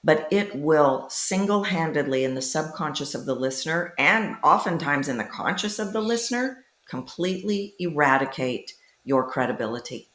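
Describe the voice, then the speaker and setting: A woman voice coach speaking emphatically in a podcast conversation, with big swoops in pitch on key words. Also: animated, moderate pace, hardly any pauses, a bit bright, echoey room. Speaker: voice coach guest.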